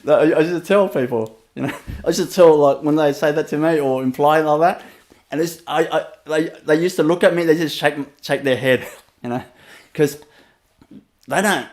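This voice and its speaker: A man's voice: a little high, normal speed, a little mellow. A man with a Vietnamese accent gives a rambling, storytelling webinar talk as a spiritual teacher, laughing often and leaning on fillers.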